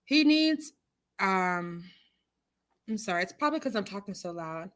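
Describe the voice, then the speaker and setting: A woman's voice: on the low side, animated, normal speed, sharp tone. A woman hosting a casual livestream, reading viewer comments aloud and reacting to them in an outspoken, indignant way. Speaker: livestream host reading chat. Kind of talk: casual live chat. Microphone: computer mic on a streaming call.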